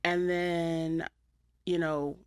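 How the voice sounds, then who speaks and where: A young woman hosting a podcast, telling candid stories with animated delivery and blunt language. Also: lowish voice, extremely slow, smooth. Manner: candid, animated storytelling with profanity. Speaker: podcast host. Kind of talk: casual chat.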